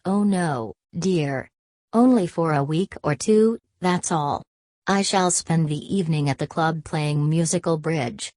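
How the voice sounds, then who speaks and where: A woman's voice: low voice, unhurried, a little mellow, dry recording. A woman reading the lines of a sensible young woman who lectures her friend with disapproval, in an audiobook. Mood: lecturing.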